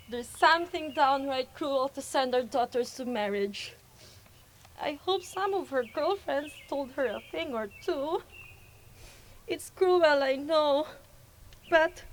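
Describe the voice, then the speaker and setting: A fretful mother on her daughter's wedding morning speaks slowly and haltingly, as a woman plays her in an amateur stage play. Her voice sits very high. A faint hiss runs under the lines. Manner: rueful, halting, slow. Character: anxious middle-aged mother on her daughter's wedding day.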